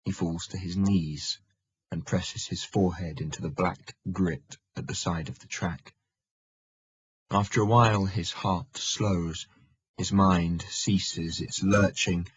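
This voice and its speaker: A man narrating a historical audiobook in a measured, steady manner. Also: low-pitched, husky, muffled recording. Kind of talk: scripted narration.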